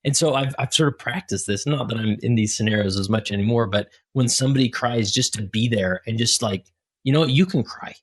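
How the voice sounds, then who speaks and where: A man with a husky, slightly breathy voice hosts a relaxed podcast conversation. He speaks at a middling pitch and gets animated, slipping into little acted-out quotes as he goes. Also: fairly quick. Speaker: podcast host. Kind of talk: casual conversational interview.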